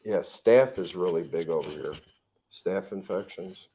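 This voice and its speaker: A man's voice: low voice, a little slow. Blunt, swearing American man. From United States. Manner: blunt, swears freely, animated storyteller. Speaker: vlog host. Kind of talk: casual livestream chat. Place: home in the tropics.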